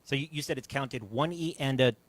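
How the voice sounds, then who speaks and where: A man's voice: mid-range voice, a little fast, dry recording. Eager male host repeating drum counts. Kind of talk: casual chat.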